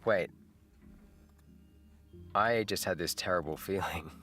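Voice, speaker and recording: A man's voice: sits low, takes it slowly, a bit bright, soft background music. A middle-aged man, hosting a casual livestream chat, laid-back and rambling, laughing often. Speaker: livestream host. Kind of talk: casual live chat with viewers.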